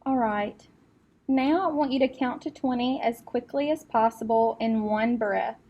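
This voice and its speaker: A woman acting as speech clinician, giving calm step-by-step test instructions with occasional fillers. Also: a little high, unhurried, muffled recording.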